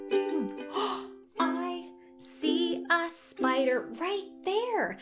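A young woman hosts an outdoor learning show for toddlers, speaking and singing in a sing-song style with gasps and coaxing questions for the kids. Her very high-pitched voice is animated and she talks very slowly. Ukulele music plays underneath.

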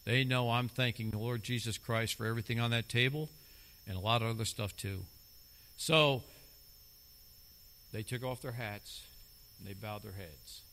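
Forceful, emphatic male preacher. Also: medium pitch, steady tone, normal speed, long pauses, a little hiss or hum. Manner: emphatic, repeats key phrases for stress. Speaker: lay preacher. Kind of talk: sermon.

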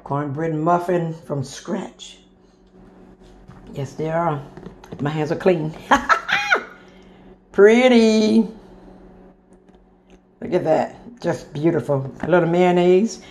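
A cooking vlogger shows her home-cooked meal to viewers in a homey, chatty show-and-tell, calling them y'all and honey. Her voice sits low with a dark tone, fairly even intonation and a slow pace, and there's slight background noise.

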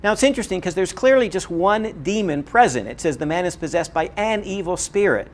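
A man's voice: high voice, lively intonation, a little fast. A man giving a recorded Bible lecture, earnest and emphatic, repeating his key points. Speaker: Bible teacher.

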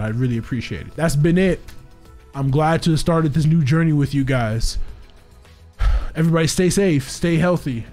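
A man's voice: a little high, darkish tone. A young man doing a casual let's play, reacting in flustered bursts, repeating himself and saying "bro" a lot. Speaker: gaming YouTuber.

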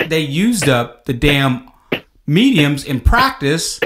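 Man, podcast host, casual chat, lively swinging pitch, exclaiming rants. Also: slow pace. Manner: animated, rising to exclaiming rants.

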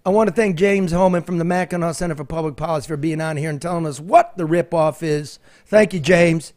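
A man's voice: on the high side, fairly quick, a little mellow. A man hosting a talk show, brash and sarcastic, given to theatrical asides.

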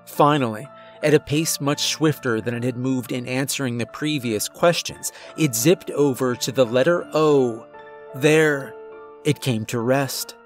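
A man reading a scripted first-person horror story in a measured, suspenseful way. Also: mid-range voice, soft background music.

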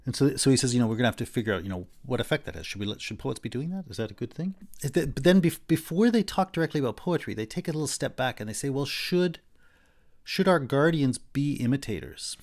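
A man's voice: mid-range voice, a little mellow. A man lecturing on philosophy in a conversational way, restarting sentences and acting out examples. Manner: conversational, with frequent restarts and fillers; acts out example voices animatedly. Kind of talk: recorded university lecture.

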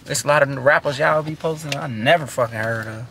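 A man's voice: medium pitch, fast, fairly bright tone, slight background noise. A man, a guest in a casual interview, talking bluntly with lots of profanity and repeated restarts.

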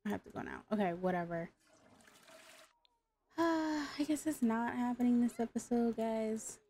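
Gravelly, exasperated woman gamer. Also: fairly high pitch, measured pace, warm tone, slight background noise. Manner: exasperated, talks to the game characters. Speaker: gaming YouTuber. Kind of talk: casual gameplay commentary.

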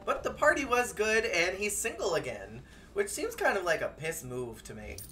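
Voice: medium pitch, very animated, moderate pace, bright, forceful tone. A game streamer giving joking let's-play commentary, with sudden squeals and bursts of laughter. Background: faint game music.

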